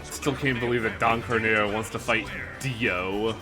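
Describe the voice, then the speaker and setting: With a lowish, fairly even voice at a measured pace, a man streams a video game and chats casually. He jokes and swears heavily in his gameplay commentary, game music playing behind him.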